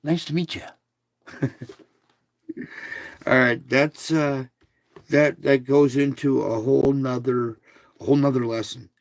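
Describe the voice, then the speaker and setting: Slow, easygoing man teaching a devotional. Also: mid-range voice, little pitch movement, creaky, dry recording. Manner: conversational, checks in with "okay?"; reads devotional passages aloud, then comments.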